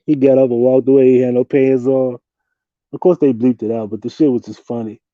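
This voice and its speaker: A man's voice: medium pitch, fairly even intonation, fairly quick, no room sound, narrow, tinny audio. A young man hosting a casual livestream from his desk, slangy and loose, laughing often as he talks to his viewers. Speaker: livestream host. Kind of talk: casual late-night livestream chat.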